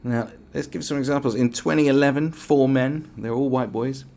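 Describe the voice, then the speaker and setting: A man's voice: medium pitch, fairly even intonation, normal speed, gravelly, darkish tone. A man with a British accent hosting a podcast, ranting in a casual, profane, sarcastic way. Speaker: podcast host.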